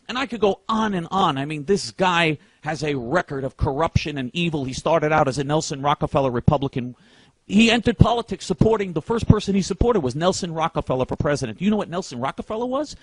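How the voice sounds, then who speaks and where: Indignant man with a high voice. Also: husky, no echo. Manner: indignant, emphatic, repeats words when worked up. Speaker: political commentator. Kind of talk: heated political rant.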